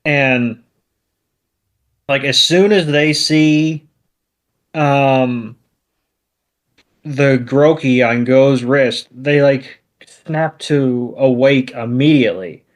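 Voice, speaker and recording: A man's voice: medium pitch, very slow, pauses often. A man co-hosting a podcast, recapping a cartoon in a laid-back way with many fillers. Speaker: podcast co-host. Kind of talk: casual episode recap.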